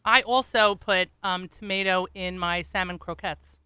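A middle-aged woman with a Long Island accent, hosting a talk show and chatting casually with quick interjections. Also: medium pitch, steady tone, sharp tone, smooth, dry recording, studio quality. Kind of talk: casual chat.

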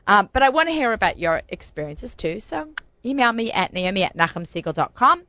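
A woman's voice: mid-range voice, very animated, a little fast, dry recording, lo-fi sound. A woman hosting a radio talk show in a studio, chatty and bubbly, talking with lots of fillers.

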